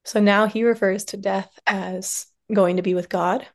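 A woman speaking softly and from the heart in a reflective interview, with many pauses and fillers. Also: medium pitch, fairly even intonation. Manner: soft, heartfelt, with many likes and trailing pauses. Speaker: podcast guest, somatic practitioner and dance teacher.

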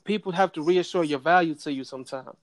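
A man hosting a podcast in casual chat, talking motivationally with relaxed slang. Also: a little high, quick pace, no echo.

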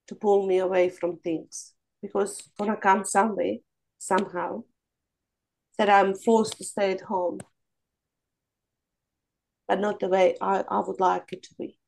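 A woman sharing her struggles candidly on a video call, blunt and animated, swearing freely. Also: medium pitch, measured pace, vocal fry, pauses often, poor audio. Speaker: coaching group participant.

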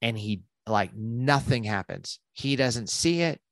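A man, a podcast guest telling a story in a casual, animated way, full of fillers and restarts. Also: mid-range voice, no room sound, clean studio sound. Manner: animated, quick bursts with many fillers and restarts.

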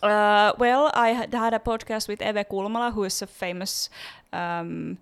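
Slow-talking woman, giggly co-host. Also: mid-range voice, fairly even intonation, clear, resonant tone. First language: Finnish. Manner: giggly, chatty, laughs often. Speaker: podcast co-host. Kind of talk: casual chat.

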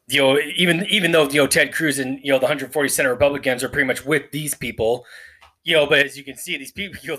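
A man talks off the cuff as a podcast host, riffing on events as they unfold. His speech rambles and restarts, packed with "you know" and swearing, and it stays indignant the whole way through. His voice sits at an ordinary mid pitch for a man. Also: pushed and bright. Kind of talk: unscripted live commentary.

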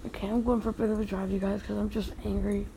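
A woman's voice: mid-range voice, little pitch movement, fast, gravelly, background noise. An older woman, a grandmother, angrily scolding online trolls in a direct-to-camera vlog rant. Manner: angry, scolding, emotional. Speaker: grandmother vlogger. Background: quiet house at night.

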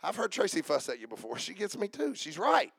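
A man preaching a sermon as pastor, joking with the congregation and building to shouted passages. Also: high voice, wildly swooping pitch, a little fast, vocal fry, slightly rough, dry recording.

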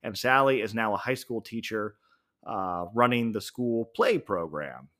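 A man's voice: on the low side, expressive, a little slow, bright, forceful tone. A man hosting a podcast, casually recapping a series finale and thinking aloud with frequent ums and self-corrections. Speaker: podcast host. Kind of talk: solo podcast review.

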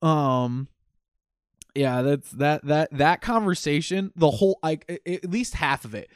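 A man in casual chat, animated and exasperated, acting out what characters say. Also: fairly high pitch, unhurried, clear, resonant tone, dry recording, clean studio sound. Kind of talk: casual chat about a video game.

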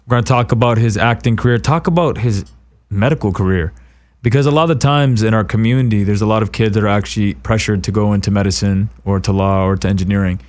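A man hosting a casual interview podcast, talking animatedly with quick asides and frequent laughter. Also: on the low side, a little mellow. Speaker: podcast host.

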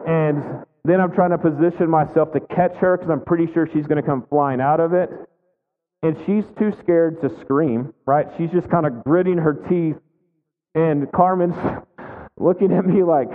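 Pastor guy, 30s, chatty sermon, kinda high voice, tinny sound w/ big hall echo. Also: moderate pace. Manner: conversational, frequent "right?" asides. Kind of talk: sermon with personal story. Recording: phone-like audio with long hall reverb.

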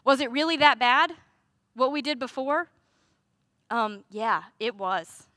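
A woman's voice: sits high, animated, slow, pushed and bright, no room sound, studio quality. A woman preaching a sermon in a conversational way, with rhetorical questions and playful asides.

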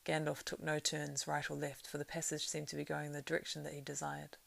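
A woman reading a novel aloud, keeping a steady storytelling pace that swells louder in the action. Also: sits low, fairly quick, gravelly. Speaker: reader.

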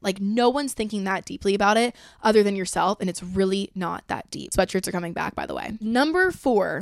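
A woman's voice: mid-range voice, gravelly, no echo, clean studio sound. A young woman in her twenties hosting a podcast, talking casually in a blunt, profane, chatty way. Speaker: podcast host. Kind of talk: casual chat.

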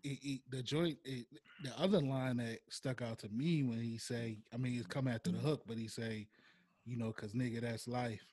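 A man's voice: mid-range voice, fairly even intonation, normal speed, a little mellow, faint music behind. A man on a podcast speaking earnestly and openly about hard times he went through. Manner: earnest, opens up about personal struggles. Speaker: podcast guest. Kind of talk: casual podcast chat.

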